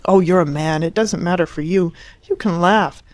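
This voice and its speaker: An imperious upper-class English mother, clipped and commanding, her voice climbing high when she presses her point, as a woman reading the book puts her on. The sound is close and dry, with no room around it. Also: moderate pace, a little mellow, dry recording, natural voice. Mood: insistent.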